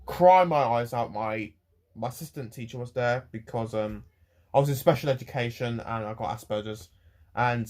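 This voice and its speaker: A man talking to his camera in a personal rant vlog, his voice at an ordinary middle pitch. He rambles and halts, restarting sentences and repeating words. He sounds emotional, close to tears. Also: normal speed, darkish tone. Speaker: vlogger.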